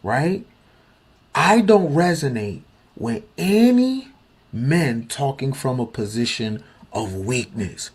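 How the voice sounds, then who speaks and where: A man with a husky voice speaks very slowly in a deliberate, lecturing way. His pitch swings widely, giving his measured points a lively rise and fall. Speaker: speaker in a played clip. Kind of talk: measured monologue.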